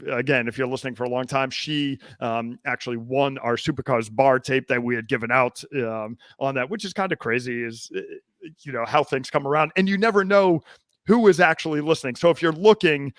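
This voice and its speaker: A man's voice: mid-range voice, brisk, dry recording, studio quality. A man hosting a podcast, talking casually and rambling with lots of fillers and restarts. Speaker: podcast host.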